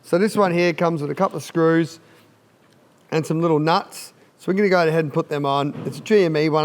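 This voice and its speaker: Aussie guy doing a diy install vid, cracking jokes at himself, slightly high voice. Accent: Australian. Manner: larrikin banter, laughs at himself. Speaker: product installer presenting a how-to video. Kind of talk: casual jokey install tutorial.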